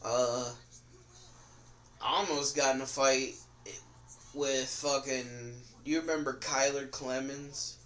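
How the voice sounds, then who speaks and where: A man's voice: mid-range voice, fairly even intonation, slow, long pauses, fairly bright tone. A young man co-hosting a podcast, telling school stories in casual chat, rambling and swearing with lots of fillers. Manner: profane, rambling storytelling with frequent fillers. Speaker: podcast co-host.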